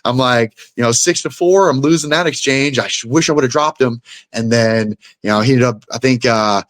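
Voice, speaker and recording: A man's voice: mid-range voice, normal speed, no room sound. A young man, a guest fighter, telling a fight story in casual chat. He swears freely and acts out the blows with sound effects.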